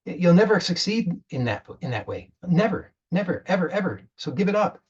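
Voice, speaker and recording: A man's voice: sits high, very animated, fairly quick, breathy edge, dull audio. A man giving a spiritual talk as a coach, earnest, often repeating words and restarting as he retells a parable.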